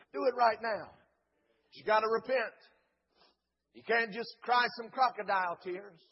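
A man preaching a Pentecostal sermon in a church, chanting and shouting his lines with rhythmic "uh" breaks. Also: a little high, breathy edge, lo-fi sound. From Dayton, Ohio.

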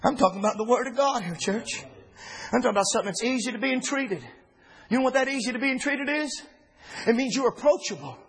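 A man preaching a sermon to his church, fervent, rising to shouts with breathy "uh" pauses. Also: extremely high pitch, expressive, low-quality recording. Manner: fervent, builds to shouting with 'uh' pauses and 'woo'.

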